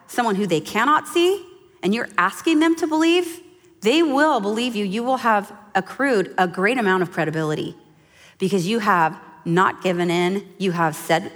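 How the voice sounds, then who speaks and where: A woman's voice: medium pitch, a bit bright, long reverb tail. A mother giving an emphatic, conversational sermon-style talk to a women's church gathering. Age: adult mother.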